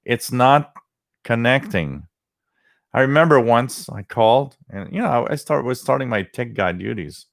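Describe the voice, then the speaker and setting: A man's voice: mid-range voice, lively intonation, normal speed, gravelly, no echo, studio quality. A man, hosting a livestream, telling rambling stories and greeting viewers by name in casual chat. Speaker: livestream host.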